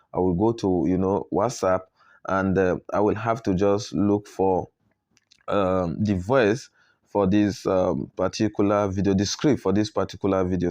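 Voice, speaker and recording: Low-voiced Nigerian man teaching. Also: darkish tone. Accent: Nigerian English. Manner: instructive, repeats a rising "okay?" check. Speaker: video editing tutor. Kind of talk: screen tutorial walkthrough.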